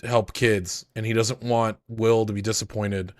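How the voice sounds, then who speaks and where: Animated, swearing young male podcast co-host. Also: fairly low pitch, moderate pace. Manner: animated, profane, self-deprecating banter. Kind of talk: casual podcast chat.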